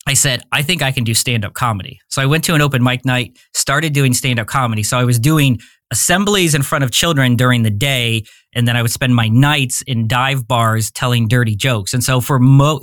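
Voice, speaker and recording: A man in his forties, guesting on a podcast, tells his story in a candid, rambling way during a casual interview, often searching for words. His medium-pitched voice has a fairly bright tone, and the recording is dry with clean studio sound.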